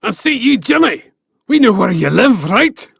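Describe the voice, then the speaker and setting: A man voicing a huge, furious male Scottish giant in an animated storybook, bellowing threats. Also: high voice, moderate pace, vocal fry, slightly rough, no echo, studio quality, voice pushed up, full character voice.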